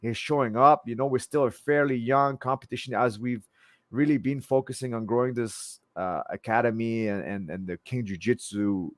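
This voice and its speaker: A man's voice: medium pitch, moderate pace, no echo. A man in his forties speaks English with a French accent. He talks eagerly and passionately as an interview guest, tripping over and repeating words as he goes. His mid-range voice sits close and dry, with no room sound around it. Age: 40s. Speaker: jiu-jitsu instructor, guest. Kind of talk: casual interview chat.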